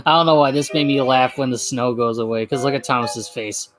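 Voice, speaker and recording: A man's voice: mid-range voice, steady tone, a little fast, background noise. A man giving chatty, rambling casual commentary over a video.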